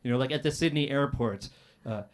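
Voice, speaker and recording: A man performing a stand-up roast set on a comedy club stage, dry and deadpan, with many "uh" pauses and sudden loud outbursts. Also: medium pitch.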